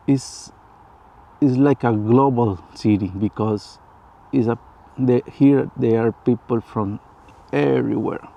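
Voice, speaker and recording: Man talking in halting English. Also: mid-range voice, gravelly, mellow, highs cut off. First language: Spanish. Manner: halting learner's English, frequent restarts and repetitions, laughs often. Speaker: vlogger. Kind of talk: casual personal talk to camera.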